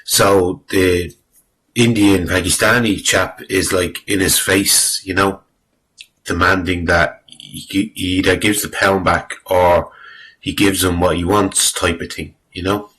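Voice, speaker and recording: A man's voice: low-pitched, fairly even intonation, slow pace, a bit bright, husky, rough recording. A man giving rambling, exasperated spoken commentary on a clip, swearing freely and using lots of fillers. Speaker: video commentator.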